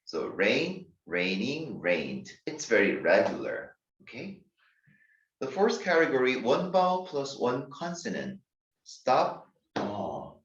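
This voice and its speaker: A man with a Korean accent teaching English spelling, talking slowly and deliberately and spelling words out letter by letter. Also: medium pitch, huge pitch swings, fairly bright tone. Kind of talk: grammar lecture. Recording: distant, dull, echoey room recording.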